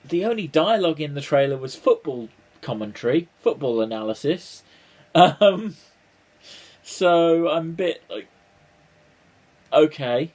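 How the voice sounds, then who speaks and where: Another man reacting to a trailer on camera rambles wryly and casually, stumbling through ums and restarts and swearing now and then. His voice sits on the high side, expressive and unhurried, with a darkish tone.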